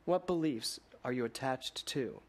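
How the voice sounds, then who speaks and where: A male minister giving a sermon in a lively storytelling way, mixing laughter and rhetorical questions for his congregation. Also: mid-range voice, a little slow.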